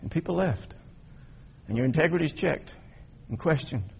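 A man preaching a sermon as a pastor, telling the story in an animated way and swinging between loud emphasis and quiet reflection. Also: on the high side, moderate pace, creaky, husky, highs cut off.

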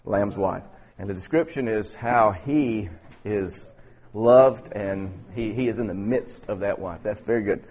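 A man with a husky voice teaching a Bible study class, often repeating words and quizzing his students. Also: fairly low pitch, unhurried, darkish tone, dull audio.

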